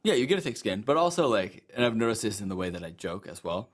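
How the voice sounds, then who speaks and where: A young man with a deep, low voice shares his thoughts in a relaxed podcast chat. He often starts with a hesitant "um" and stays agreeable and open. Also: quick pace. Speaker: podcast co-host. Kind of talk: casual conversation.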